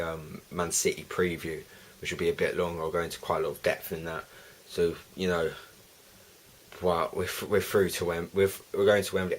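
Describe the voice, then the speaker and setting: A man's voice: low voice, a little hiss or hum. A young man ranting and swearing through a fan video review of a football match, rambling with many restarts.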